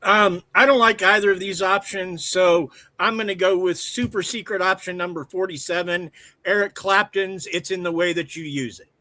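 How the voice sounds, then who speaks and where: A man's voice: high-pitched, fairly even intonation, normal speed, sharp tone, dry recording, rough recording. A man on a podcast, joking around with a gag answer instead of a real pick. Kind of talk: casual podcast chat.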